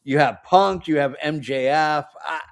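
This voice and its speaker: A man co-hosting a podcast in casual chat, with a somewhat high voice. He argues his picks bluntly, with emphatic, jokey asides. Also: measured pace, vocal fry. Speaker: podcast co-host.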